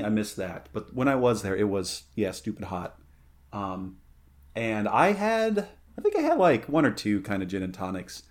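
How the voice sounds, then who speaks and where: A man co-hosts a podcast, chatting casually with a friend. His pitch moves around freely and he rambles, stacking fillers and restarting his sentences. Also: darkish tone. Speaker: podcast co-host. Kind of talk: casual chat.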